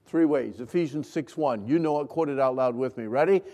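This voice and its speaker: Gravelly preacher in a reverberant hall. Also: male voice, medium pitch, fairly quick. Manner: call-and-response, swinging from hushed to loud. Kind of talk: sermon to a congregation.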